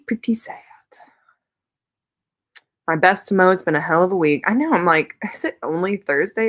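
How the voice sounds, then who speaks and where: Woman, low voice, casual livestream host, chatty, storytelling, answers viewer comments. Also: fairly bright tone. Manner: tells rambling personal stories. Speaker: host of a reading sprint livestream.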